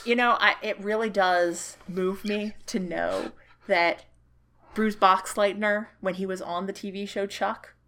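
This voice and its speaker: A woman's voice: medium pitch, fairly even intonation, a little slow, a bit bright, a little hiss or hum. A woman co-hosting a podcast, chatting enthusiastically about a convention with many fillers. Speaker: podcast co-host. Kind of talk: casual chat recapping a convention.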